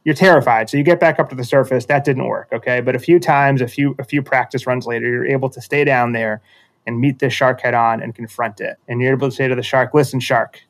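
A man's voice: medium pitch, fairly even intonation, quick pace. A man telling a metaphorical story in a casual conversation, reflective and self-deprecating, often restarting sentences.

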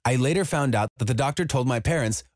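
A man telling a scripted first-person story in an even, measured way. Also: mid-range voice, no echo, clean studio sound. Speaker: narrator.

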